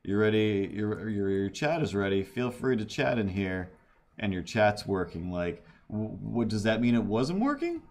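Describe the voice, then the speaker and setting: A man's voice: fairly low pitch, very animated, normal speed, darkish tone. A man livestreaming while he draws, telling a story in a rambling way with restarts and laughs. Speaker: livestreaming artist. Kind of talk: casual livestream chat while drawing.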